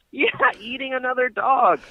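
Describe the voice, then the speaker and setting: A man's voice: extremely high pitch, steady tone, unhurried, no room sound. A young man co-hosting a podcast, telling a long story in casual chat, full of fillers and restarts. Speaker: podcast co-host. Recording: dry, tinny phone-like sound.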